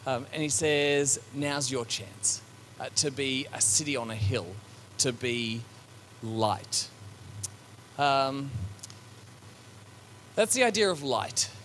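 A man's voice: medium pitch, lively intonation, slow, long pauses, fairly bright tone, slight background noise. A man preaching a sermon to a congregation, thinking aloud in a loose, conversational way with frequent ums, restarts and reflective asides. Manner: conversational, with many fillers and restarts; reflective and searching.

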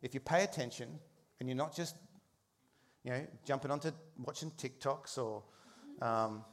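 A man preaching a sermon, telling a humorous story with animated shifts in pace and loudness. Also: medium pitch, normal speed. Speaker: pastor.

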